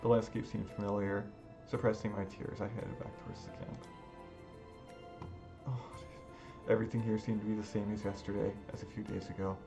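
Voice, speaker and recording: Guy with a gravelly voice reading a visual novel, all emotional, music in the back. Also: lowish voice, flat delivery, a little fast. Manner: dramatic, emotional first-person reading. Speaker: gaming video creator. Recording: music playing underneath.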